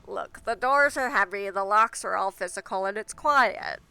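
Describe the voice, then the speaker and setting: A man's voice: high voice, moderate pace, vocal fry, sharp tone, clear, resonant tone, full character voice. A woman voicing a blunt streetwise young man who rents out safe rooms, in a pinched nasal voice with casual swearing. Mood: bossy.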